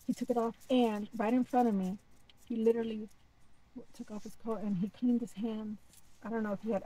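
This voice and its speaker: A woman's voice: a little high, dark tone, husky, low-quality recording. A woman telling a story to camera in a casual, dramatic way, often repeating herself.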